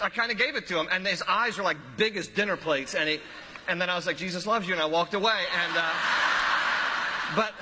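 A man preaching a sermon, telling stories with chuckling asides and quick self-corrections. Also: high-pitched, noisy background. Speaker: pastor. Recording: long hall reverb.

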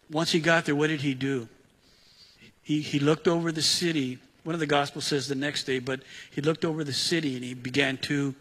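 A man preaches an expository sermon, chatting with his congregation between verses. His voice is bright and a little husky. It carries a long reverb from the church hall around him. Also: on the high side. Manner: conversational, animated Bible teaching with asides. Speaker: pastor.

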